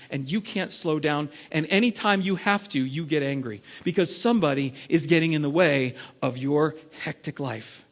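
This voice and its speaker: A man preaching a sermon as lead pastor, acting out everyday scenes and swinging between loud bursts and hushed stretches. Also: on the high side, moderate pace, hardly any pauses. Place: church sanctuary. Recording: long reverb of a large hall.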